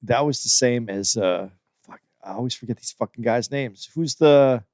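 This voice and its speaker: Laid-back man, halting podcast banter. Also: mid-range voice, a little mellow, no room sound, clean studio sound. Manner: laid-back, halting, trails off searching for names. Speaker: podcast co-host. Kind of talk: casual chat.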